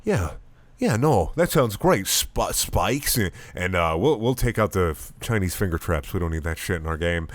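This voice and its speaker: A man's voice: sits low, expressive, moderate pace, no room sound. A man playing a dismissive male studio executive who stammers offhandedly.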